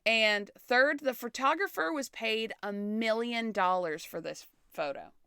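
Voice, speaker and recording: Slow-talking woman podcast host. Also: on the high side, smooth, dry recording, clean studio sound. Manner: relaxed storytelling, laughs often, casual swearing. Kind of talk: casual history podcast chat.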